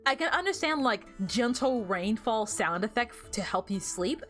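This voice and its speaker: A woman's voice: on the high side, lively intonation, normal speed, few pauses, a bit bright, soft background music. Giggly rambling woman streamer. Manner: chatty, giggly, rambling with many fillers. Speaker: VTuber streamer. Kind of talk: casual gameplay stream chat.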